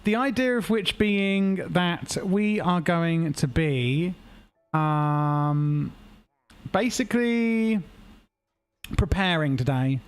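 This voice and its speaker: Man, slightly higher pitch, casual livestream chat, playful. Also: slow, clear, resonant tone. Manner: chatty, playful, addresses chat while playing. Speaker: streamer.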